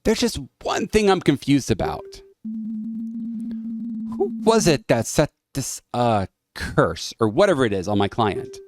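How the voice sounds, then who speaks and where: A man voicing a calm, earnest male defense lawyer. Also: mid-range voice, measured pace. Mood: questioning.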